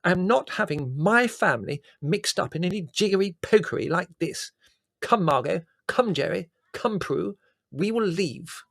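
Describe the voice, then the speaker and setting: A man's voice: sits high, expressive, normal speed, creaky, fairly bright tone, no room sound, clean studio sound, voice pushed up, exaggerated voice. A man voicing a small, prim older mother who speaks in a clipped, indignant and firm way.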